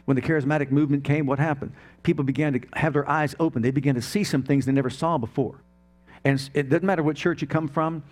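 A man's voice: fairly high pitch, darkish tone. A middle-aged male pastor preaching a sermon emphatically, firing off rhetorical questions to the congregation.

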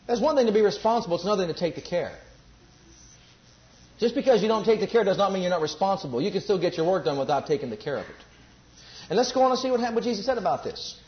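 A man's voice: high-pitched, expressive, fast, roomy sound. A male preacher giving a sermon, repeating phrases and putting questions to the congregation. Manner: repetitive, asks the congregation questions. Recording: slightly muffled lo-fi recording.

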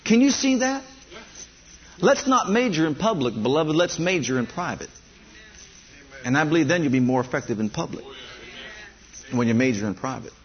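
A man's voice: a little high, sing-song, moderate pace, long pauses. A male pastor preaching a sermon, emphatic and repeating his points. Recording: dull lo-fi recording.

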